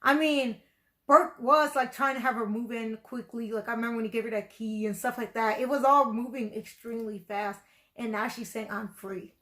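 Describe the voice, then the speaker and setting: A woman's voice: on the high side, fairly even intonation, fairly quick, fairly bright tone. A woman giving casual reaction commentary on a TV episode, rambling and chatty, full of "like" and "you know". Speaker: video reactor.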